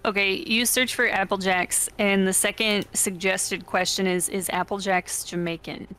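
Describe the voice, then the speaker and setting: A woman's voice: mid-range voice, level tone, normal speed, pushed and bright. A young woman co-hosting a let's-play, bantering and teasing her dad in casual chat. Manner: playful, teasing. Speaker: co-host of a gaming channel.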